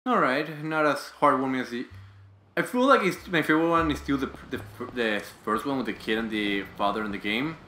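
A man chatting casually over gameplay, offhand and quick to swear. His voice is bright with lively pitch, and the room echoes, with faint game music underneath. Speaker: let's play host.

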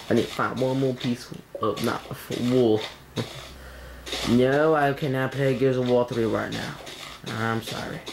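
A man's voice: mid-range voice, vocal fry. A man doing casual let's play game commentary, jumpy and yelping and swearing when something startles him. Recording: noisy home recording.

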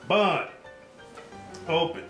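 A man's voice: a little high, steady tone, very slow, fairly bright tone, roomy sound, soft background music, poor audio. A man hosting a casual home cooking show, joking and hyping each step straight to his viewers.

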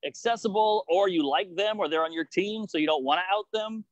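A fairly high-pitched man talks over a video call, the sound dry and close. He riffs in a rapid, profane way, dropping into mocking quoted voices as he goes. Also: no room sound, highs cut off. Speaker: guest comedian. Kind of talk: casual podcast chat.

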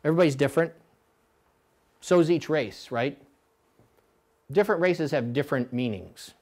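A middle-aged man coaching coxswains at a clinic, blunt and animated, now and then mimicking rowers in a high voice. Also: normal speed. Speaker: rowing coach.

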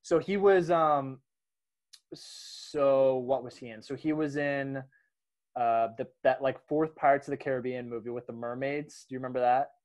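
A man hosting a casual movie discussion, animated, laughing often and trailing off into restarts. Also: mid-range voice, normal speed. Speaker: podcast host.

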